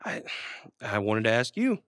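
A male host with a lowish, smooth voice asking offbeat interview questions in a deadpan, awkward way. The recording is close and dry, with no echo. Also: unhurried.

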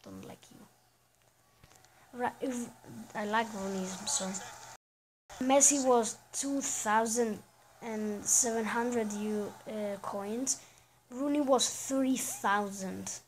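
A woman's voice: a little high, takes it slowly, a little hiss or hum, poor audio. A woman giving casual commentary over a soccer video game, chatting and reacting aloud to each play. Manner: chatty, reacts aloud to plays, often trails off. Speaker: gaming channel host.

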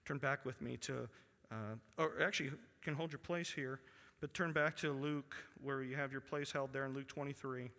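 A pastor preaching a sermon to his congregation. He reads scripture aloud and drops to a hushed voice for emphasis. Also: mid-range voice, fairly even intonation, moderate pace. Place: church sanctuary. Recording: long church hall reverb.

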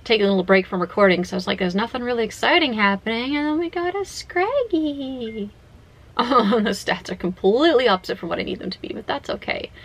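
Chatty woman with a gravelly voice. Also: medium pitch, quick pace, low-quality recording. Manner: chatty, excitable, talks to herself. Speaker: vlogger. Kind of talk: casual gaming vlog.

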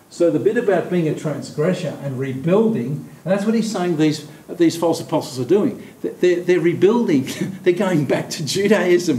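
A man leading a Bible study. He explains scripture with many pauses and restarts, and slows down to stress key words. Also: dark tone. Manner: thoughtful, halting, with many fillers and restarts. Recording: echoey room with faint rumble.

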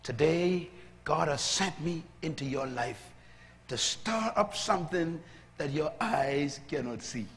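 A man preaching a sermon as a pastor, moving from calm teaching to loud, shouted preaching. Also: fairly high pitch, slow pace. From Bahamas. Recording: long hall reverb.

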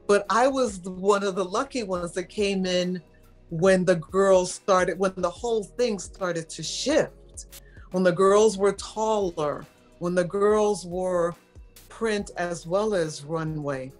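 Animated woman telling stories. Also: on the low side, slow, faint music behind. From New York. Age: middle-aged. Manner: animated storyteller, acts out quoted voices. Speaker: model, interview guest. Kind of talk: casual interview storytelling.

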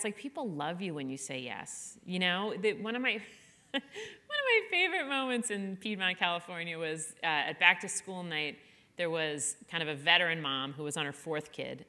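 Bright, chatty middle-aged woman. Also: on the low side. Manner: chatty, self-deprecating, lots of "like". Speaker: author guest. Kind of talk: candid conversational interview. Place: live event stage.

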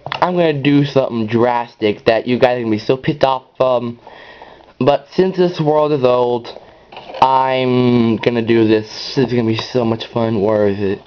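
Excitable rambling gameplay commentator, lo-fi. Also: male voice, normal speed, clean tone. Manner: rambling, excitable, bursts into high yells. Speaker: gameplay channel host. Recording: dull lo-fi recording.

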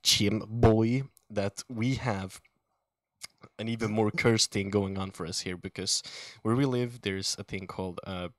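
A man's voice: lowish voice, fairly even intonation, unhurried, no echo. A young man from Finland with a Finland Swedish accent, co-hosting a casual live stream with crude, joking banter. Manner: crude, laughing banter with lots of swearing. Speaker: stream co-host.

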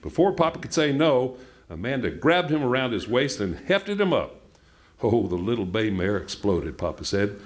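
A man reading a novel aloud at a book event in an unhurried, plainspoken way. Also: mid-range voice, sing-song. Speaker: reader.

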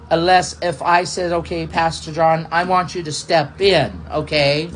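A man, a pastor, telling a personal testimony in a halting, repetitive way, circling back over the same phrases. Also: fairly high pitch, steady tone, a little hiss or hum, rough recording.

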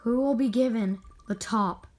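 A woman hockey video creator giving excited spin-the-wheel commentary with indignant outbursts. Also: on the high side, measured pace, rough recording.

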